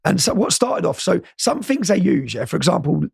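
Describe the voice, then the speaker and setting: Gravelly-voiced Englishman telling rambling stories. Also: sits high, big pitch swings, fairly quick, darkish tone, no room sound, clean studio sound. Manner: rambling, repeats words, tags lines with "yeah?". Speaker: interview guest. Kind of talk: casual storytelling in an interview.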